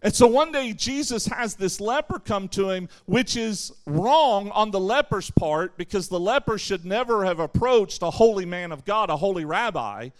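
A camp speaker with a high voice preaches a sermon to young people at moderate pace with few pauses. He's lively, acting out the voices he quotes and answering his own questions.

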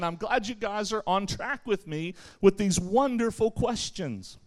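A man preaching a sermon to young people at a camp, lively, acting out the voices he quotes and answering his own questions. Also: high voice. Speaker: camp speaker.

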